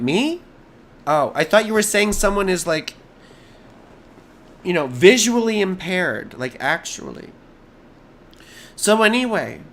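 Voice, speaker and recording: A hoarse American man doing a live astrology chart reading, rambling and easily sidetracked, with jokey asides. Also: high voice, fairly bright tone.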